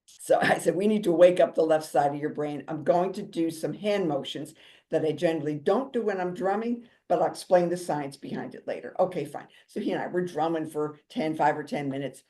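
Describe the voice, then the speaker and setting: A woman giving a motivational talk as a drum therapist and speaker, chatty and jokey, with a calming, soothing voice. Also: sits low, a little fast.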